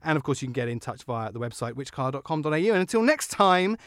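A man hosting a car podcast, joking and animated as he talks. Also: medium pitch, dry recording. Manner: animated, joking, quick-talking. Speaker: podcast host. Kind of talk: casual car podcast chat.

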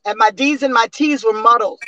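A woman in her sixties, a singer and interview guest, telling stories in a lively way with laughs and restarts over a remote call. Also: a little high, a little fast, highs cut off. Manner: animated storyteller with frequent laughs and restarts. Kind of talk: casual interview storytelling.

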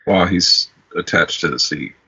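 Low husky guy cracking dry jokes, bright forceful voice, muffled audio. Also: moderate pace. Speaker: podcast co-host. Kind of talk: casual film chat. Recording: dull lo-fi sound.

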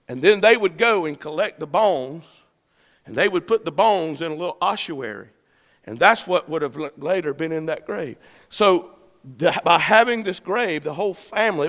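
High-voiced preaching man, echoing hall. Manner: preaching with swelling emphasis and shouted peaks. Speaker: pastor. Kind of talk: sermon.

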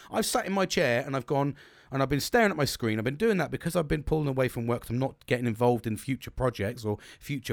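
A man's voice: mid-range voice, no echo, studio quality. A British man vlogging an unscripted personal monologue, talking bluntly with frequent swearing and many false starts. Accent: British English. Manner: blunt, swearing, restarts sentences often; self-described bolshy and gobby, talks with no filter.

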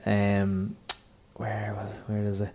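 A man's voice: on the low side, completely flat delivery, takes it slowly, warm tone. A man, co-hosting a casual podcast chat and telling rambling, laugh-filled stories. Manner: rambling, storytelling, laughing often. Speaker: podcast co-host.

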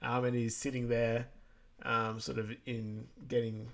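A man with a mid-range voice walks through a film's plot for a podcast at an easy pace. He fills the gaps with "um" and "yeah" and readily agrees with his co-host. Now and then he slips into a brief, higher quoted line. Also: creaky. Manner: relaxed, full of fillers, quick agreeing "yeah"s. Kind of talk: casual movie recap chat.

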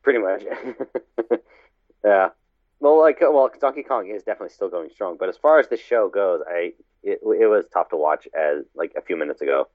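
A man's voice: lowish voice, lively intonation, normal speed, no room sound. A man co-hosting a casual podcast with crude, teasing banter. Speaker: podcast co-host. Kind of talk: casual chat. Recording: tinny phone-like line.

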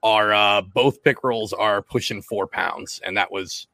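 A man's voice: on the low side, a little slow, creaky, sharp tone, dry recording. A man hosting a casual fishing podcast, a rambling storyteller who laughs and restarts his sentences. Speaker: podcast host.

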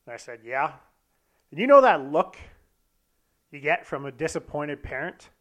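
A man's voice: on the high side, very animated, moderate pace, fairly bright tone. A young man casually telling a candid, profane, self-deprecating story about himself. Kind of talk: casual anecdote monologue.

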